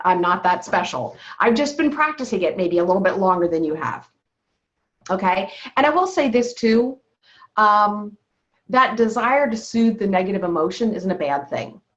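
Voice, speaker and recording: A woman health coach leading a wellness call, coaching her listeners and checking in with "okay?" after almost every point. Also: mid-range voice. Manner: coaching tone, keeps asking "okay?". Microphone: video call. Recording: dull lo-fi video call audio.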